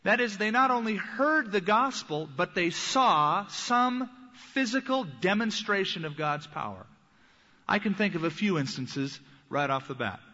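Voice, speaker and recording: A man delivers an earnest teaching sermon, his voice bright and forceful and sitting a little high. He slows down when he quotes scripture. The recording is muffled and lo-fi, with the long reverb of a large hall. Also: lively intonation. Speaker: pastor.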